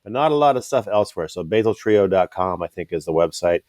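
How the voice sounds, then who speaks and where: Man, low voice, warm and dark, casual rambling chat, salty language. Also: expressive, quick pace, no echo. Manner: rambling storyteller, swears freely. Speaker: band member and podcast co-host.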